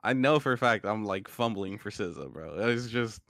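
A man's voice: fairly low pitch, expressive, fairly quick, vocal fry, fairly bright tone, no echo. Rambling young man, dry close sound. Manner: rambling, many "like" fillers, laughs often. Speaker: podcast co-host. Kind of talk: casual chat.

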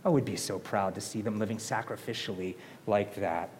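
A man's voice: fairly low pitch, steady tone, brisk, darkish tone, long reverb tail, a little hiss or hum. A man preaching a sermon, earnest and emphatic, repeating phrases to drive them home. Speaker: pastor. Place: church sanctuary.

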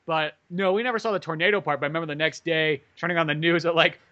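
Podcast co-host, male, quick and sharp-toned, swears freely, dull lo-fi recording. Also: on the high side, steady tone. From California. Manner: fast, profane, joking. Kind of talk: casual chat.

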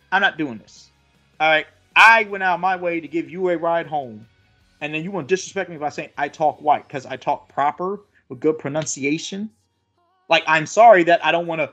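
A man's voice: on the high side, a little fast, a bit bright, dull audio, faint music behind. A man co-hosting a podcast, telling a story in a casual chat. He acts out the voices of the people he quotes and swears freely. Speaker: podcast co-host.

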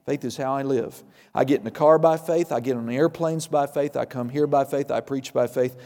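A man's voice: mid-range voice, fairly even intonation, fairly quick, dark tone, in a large hall. A male pastor preaching a sermon, emphatic and repetitive, with folksy humor.

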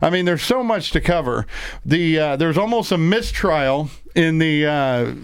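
A man hosting a talk radio show, trading quick, opinionated, joking banter with his co-host from the studio. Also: on the high side, lively intonation, clean tone, no room sound. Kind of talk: conservative talk radio commentary. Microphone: studio microphone.

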